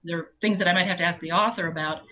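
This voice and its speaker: Bright-voiced woman audiobook narrator chatting. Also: on the low side, fast talker, low-quality recording. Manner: chatty, animated storytelling with laughs. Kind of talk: casual interview chat.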